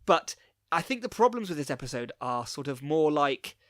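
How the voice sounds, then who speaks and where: A man's voice: on the high side, big pitch swings, moderate pace, fairly bright tone, dry recording. A young man co-hosting a podcast, chatting casually and teasing his co-host with dry, joking asides. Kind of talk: casual chat reviewing an anime episode.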